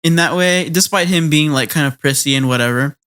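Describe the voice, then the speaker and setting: A man's voice: fairly high pitch, a little fast, fairly bright tone, a little hiss or hum. A man co-hosting a casual anime podcast, rambling through episode recaps with lots of fillers and playful character impressions. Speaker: podcast co-host.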